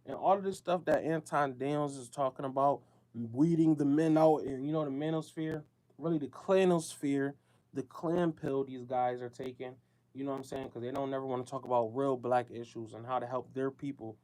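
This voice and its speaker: A man's voice: medium pitch, steady tone, normal speed, dark tone. A man hosting his own show, speaking in a casual monologue straight to his listeners. His talk is loose and slangy and keeps circling back on itself. He is from the United States. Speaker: show host.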